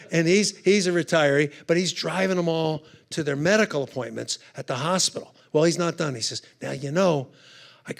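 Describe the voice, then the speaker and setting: A man giving a humorous storytelling talk at a conference. His voice sits high for a man, with a gravelly, creaky texture. He talks in a chatty way, full of quick asides. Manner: chatty, conversational, punchy asides. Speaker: conference speaker. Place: conference hall.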